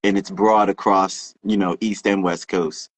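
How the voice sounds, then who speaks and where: A man's voice: low-pitched, little pitch movement, measured pace. Man hosting, encouraging interviewer. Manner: encouraging, with frequent murmured agreement. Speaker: podcast host. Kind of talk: interviewer backchannel and questions.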